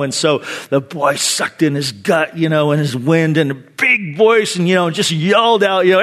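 A man in his fifties, a pastor giving a sermon in an animated, conversational storytelling way. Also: sits high, measured pace, few pauses.

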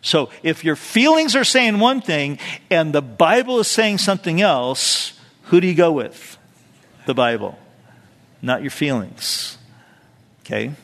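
A man's voice: fairly high pitch, very animated, measured pace, pauses often, a bit bright. A male pastor preaching a verse-by-verse sermon in a conversational way, with asides and questions to the congregation. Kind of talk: expository sermon. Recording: long hall reverb.

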